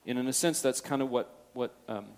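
A male pastor delivers a sermon that swings between hushed, almost whispered passages and loud, fervent peaks as he acts out the quotes he relates. His pitch is medium and his delivery a little fast.

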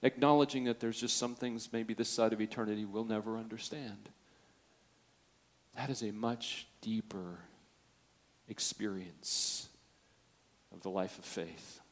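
A man pastor preaching a sermon, swinging from hushed, near-whispered passages to loud, fervent peaks as he acts out the quotes he tells. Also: on the low side, steady tone, measured pace, long pauses.

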